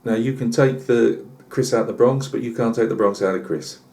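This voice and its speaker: A man's voice: mid-range voice, moderate pace, vocal fry, dark tone. A British man telling a rambling comic tall tale on his channel, full of asides and fillers. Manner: chatty, lots of asides and fillers. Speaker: channel host.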